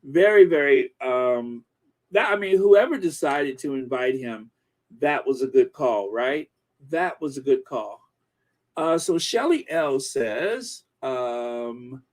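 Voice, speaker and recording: A man hosting a live stream, chatting casually and rambling through viewer comments with many fillers. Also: on the high side. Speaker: channel host reading viewer comments.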